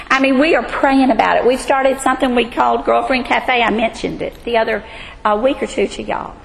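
A woman in her sixties teaching a Bible study in a high, earnest voice. She talks emphatically to a room of women. A long hall reverb trails her words over a faint background hum. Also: gravelly. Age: 60s. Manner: earnest, emphatic, emotional at times.

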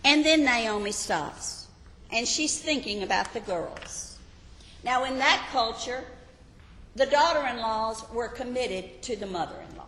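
Slow, emphatic woman teaching in an echoey hall. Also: a little high, expressive, fairly bright tone, a little hiss or hum. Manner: emphatic, repeats key phrases, questions the audience. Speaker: Bible teacher. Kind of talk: sermon. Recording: echoey hall with long reverb.

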